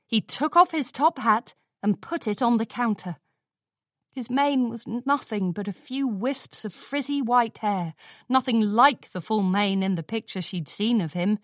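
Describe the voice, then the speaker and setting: A woman's voice: fairly high pitch, unhurried, dry recording, studio quality. A woman narrating a storybook chapter expressively, acting out the lines of the characters. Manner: expressive, acts out dialogue. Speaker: audiobook reader.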